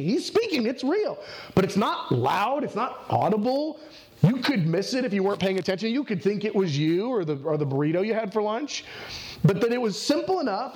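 A man preaching a casual, earnest sermon, talking with plenty of fillers. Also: high-pitched. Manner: conversational and earnest, with many fillers. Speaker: pastor.

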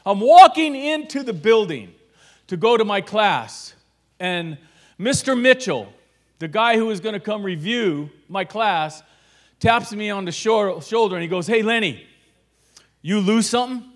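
A middle-aged man telling a personal story, acting out the dialogue and swinging from hushed asides to shouted lines. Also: sits high, lively intonation, measured pace. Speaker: guest telling his story. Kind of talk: animated storytelling.

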